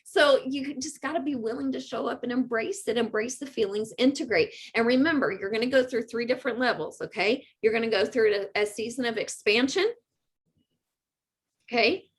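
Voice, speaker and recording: A woman giving an earnest, animated motivational talk, speaking straight to her viewers on a live stream. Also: a little high, moderate pace. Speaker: spiritual medium and host.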